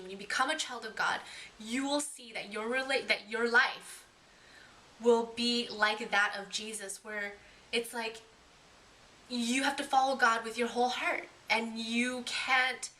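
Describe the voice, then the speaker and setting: A woman's voice: on the high side, bright, forceful tone, a little hiss or hum. A young adult woman sharing her personal faith testimony in a heartfelt, earnest way, often restarting her sentences. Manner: earnest and emotional, with frequent restarts.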